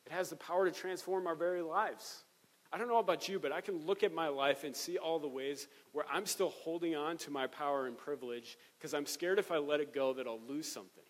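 A man's voice: fairly high pitch, long reverb tail, rough recording. A male pastor giving an earnest, conversational sermon with rising emphatic peaks, recorded in a church sanctuary.

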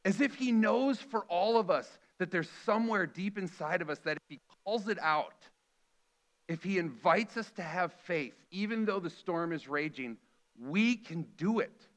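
A man's voice: sits high, normal speed, a bit bright. A middle-aged man preaching a sermon earnestly, acting out the quoted lines with feeling. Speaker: pastor.

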